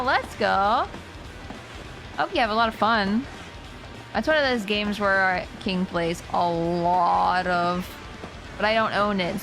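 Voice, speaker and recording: Woman streamer chatting over a game, kinda high voice, takes her time, faint music behind. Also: a bit bright. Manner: playful, laughs often, reads game text aloud. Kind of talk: casual live gameplay chat.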